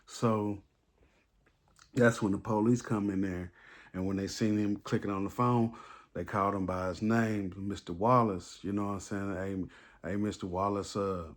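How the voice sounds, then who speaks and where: Deep-voiced man telling a loose story. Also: fairly even intonation, a little slow. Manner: loose and rambling, full of fillers and profanity. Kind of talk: casual storytime monologue.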